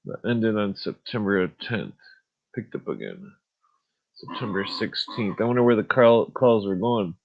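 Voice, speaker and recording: A man's voice: fairly low pitch, expressive, measured pace, creaky, highs cut off. A man hosting a podcast in a laid-back, rambling way, chuckling and trailing off with fillers, then reading aloud from a book. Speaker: podcast host.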